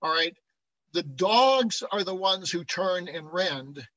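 A man's voice: high-pitched, expressive, takes it slowly, pushed and bright, no room sound, highs cut off. A man giving a classroom lecture on Bible translation, often checking in with the class and chuckling as he explains.

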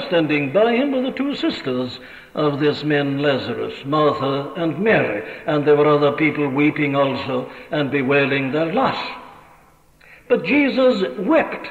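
A man's voice: on the high side, very animated, unhurried. A man with a Welsh accent preaching a sermon, questioning his congregation rhetorically. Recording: old lo-fi radio recording in a reverberant hall.

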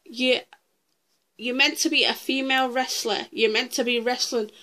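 A woman's voice: fairly high pitch, fairly even intonation, moderate pace, sharp tone. A woman ranting through a countdown list in her vlog, blunt and heated, swearing freely. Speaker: vlogger.

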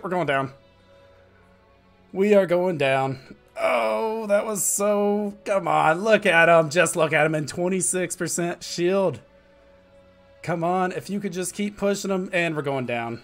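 Excitable man streaming a game. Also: mid-range voice. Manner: excitable, swearing, muttering under breath. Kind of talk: live gameplay commentary.

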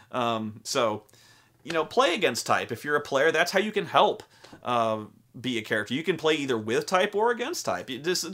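A man's voice: mid-range voice, sharp tone. A young adult man hosting a casual talk about tabletop role-playing games, rambling and profane, full of acted-out quotes. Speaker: host.

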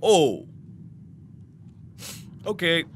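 A man in his thirties hosting a horror game let's play, joking and talking to the game, with sudden loud outbursts. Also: on the high side, big pitch swings, extremely slow, a little hiss or hum. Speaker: gaming channel host.

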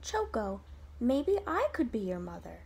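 A woman voicing a kind motherly female bear in a storybook, speaking softly and gently. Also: on the high side, huge pitch swings, unhurried, creaky, slight background noise, heavily acted. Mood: gentle. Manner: soft, gentle and soothing.

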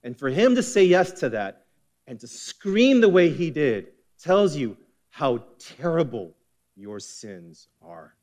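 Pastor guy preaching, kinda high voice, super intense, goes loud then real quiet. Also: sing-song, unhurried. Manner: impassioned, swings between forceful emphasis and hushed intensity. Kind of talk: sermon.

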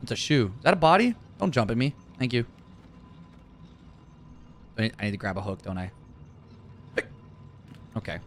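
A man streaming a video game, reacting out loud with swearing and talking to the characters on screen. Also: mid-range voice, moderate pace, long pauses, a little hiss or hum. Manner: jumpy and excitable, swears, talks to game characters. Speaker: gaming streamer. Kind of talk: let's play commentary.

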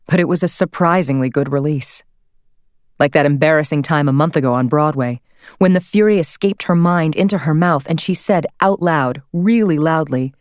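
Low-voiced woman reading a novel. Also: darkish tone, dry recording, clean studio sound. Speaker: audiobook narrator. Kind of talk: scripted narration.

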